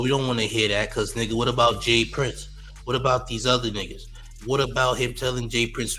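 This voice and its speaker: Man, livestream host, bright edgy voice, faint music underneath, trash-talking chat. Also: medium pitch, steady tone, a little fast. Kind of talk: casual livestream commentary.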